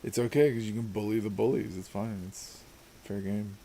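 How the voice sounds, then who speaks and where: A man's voice: lowish voice, steady tone, moderate pace, warm tone, slight background noise. A man casually chatting and joking while playing a co-op game, rambling and laughing often. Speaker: co-host. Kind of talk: casual gaming chat.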